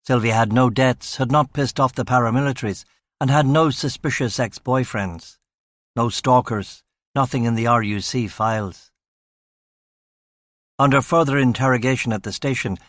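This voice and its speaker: A male narrator with a mid-pitched voice reads a crime thriller in the first person, measured and matter-of-fact. The recording is close and dry, with no room sound. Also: no echo. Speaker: audiobook narrator.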